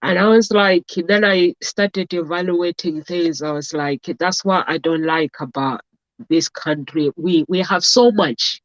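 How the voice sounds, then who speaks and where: A woman's voice: fairly low pitch, measured pace, no echo. A woman from Africa hosting a casual talk show, telling stories in a rambling way with many fillers. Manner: rambling, storytelling, frequent "basically" and "uh". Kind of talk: casual chat. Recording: dull lo-fi dry sound.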